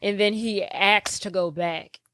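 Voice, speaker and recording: A woman's voice: mid-range voice, steady tone, measured pace, a bit bright, no echo, clean studio sound. A young woman co-hosting a movie podcast in casual chat, reading out trivia and acting out quotes. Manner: chatty, reads out trivia, acts out quotes. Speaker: podcast co-host.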